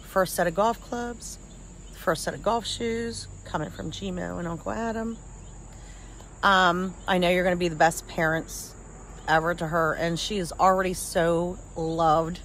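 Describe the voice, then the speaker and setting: A woman's voice: lowish voice, unhurried, fairly bright tone, slight background noise, low-quality recording. A woman recording a casual, jokey video message of congratulations with a family member. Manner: jokey, cheerful.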